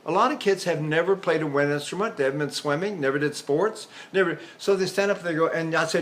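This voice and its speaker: A man's voice: fairly high pitch, fast talker, few pauses, fairly bright tone. An older male voice teacher giving a rambling lecture on vocal technique, breaking into demonstrations and sung vowels.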